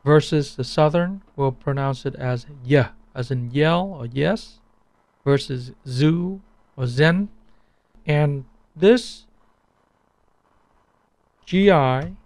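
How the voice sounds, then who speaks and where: A man teaching a language pronunciation lesson, repeating each sound slowly so it can be compared. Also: on the high side, creaky, a little mellow, no echo.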